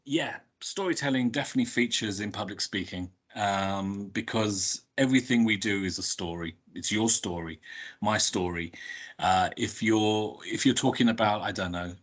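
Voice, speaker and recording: A man's voice: low voice, a bit bright. A man giving a webinar talk as a public speaking coach, earnest and repetitive with frequent restarts. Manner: earnest, repeats words and restarts.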